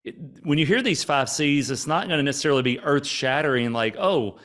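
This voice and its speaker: A man's voice: medium pitch, fast talker, fairly bright tone. A man hosting a podcast, asking questions and reflecting casually on his own experience. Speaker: podcast host. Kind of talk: interview questions.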